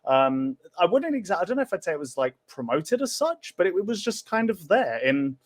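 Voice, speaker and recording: A man's voice: high-pitched, very animated, brisk. A man in a casual online debate, hesitant and filler-heavy, on a video call.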